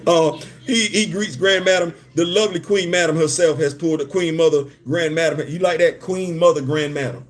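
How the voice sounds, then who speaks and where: A man's voice: on the high side, fairly quick, hardly any pauses. Chatty laughing man hosting a livestream. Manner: laughs often, stammering restarts, heartfelt asides. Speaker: livestream host. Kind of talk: casual live-stream chat.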